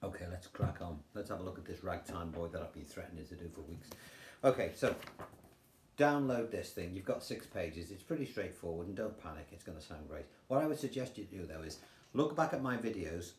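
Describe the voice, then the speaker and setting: An older man with an English accent, teaching guitar in a chatty, relaxed way and counting rhythms aloud. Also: sits low, fairly quick, slight background noise. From England. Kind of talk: casual guitar tutorial. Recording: roomy sound with guitar playing.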